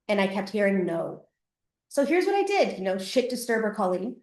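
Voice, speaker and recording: This middle-aged Canadian podcaster and coach speaks briskly with a fairly high, darkish voice that swings widely in pitch. Telling a personal story at a live masterclass in an echoey room, she's candid, curses freely and acts out her younger self.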